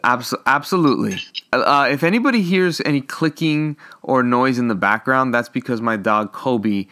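A man with a smooth, resonant voice chats casually on a podcast over a remote call. He rambles, restarts his sentences and drifts between thoughts. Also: medium pitch, moderate pace. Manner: rambling, many restarts, relaxed. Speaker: podcast co-host. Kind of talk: casual chat.

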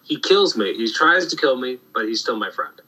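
A man hosting a casual podcast chat about comic books, animated and full of restarts. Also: medium pitch, moderate pace, poor audio. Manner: animated, acts out quoted lines, many restarts. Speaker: podcast host. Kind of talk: casual comic book discussion.

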